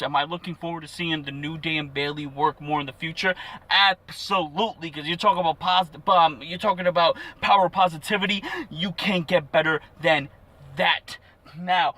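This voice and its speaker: Excitable young man recapping wrestling. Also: fairly high pitch. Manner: excitable, jokey play-by-play with frequent fillers. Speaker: wrestling show reviewer. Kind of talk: casual recap.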